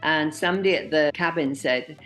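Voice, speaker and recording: A woman in her sixties telling animated anecdotes as an interview guest, often laughing at herself. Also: sits low, fairly quick, faint music behind. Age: 60s. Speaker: interview guest, speaker and expedition leader. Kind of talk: casual interview storytelling.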